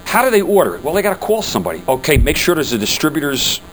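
A man's voice: fairly high pitch, very animated, rapid-fire, slight background noise, low-quality recording. An older man giving a casual presentation to a room of business customers, telling chatty stories and putting asides to the audience.

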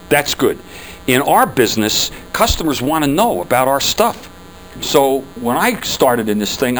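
A man's voice: medium pitch, fairly bright tone, a little hiss or hum, rough recording. An older man giving a casual presentation to a room of business customers, telling chatty stories and putting asides to the audience.

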